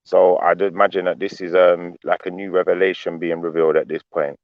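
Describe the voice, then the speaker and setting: A man's voice: low-pitched, flat delivery, brisk, no echo, muffled recording. A man hosting a live panel stream, chatty and joking, drifting into talk about the Bible. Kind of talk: casual panel chat.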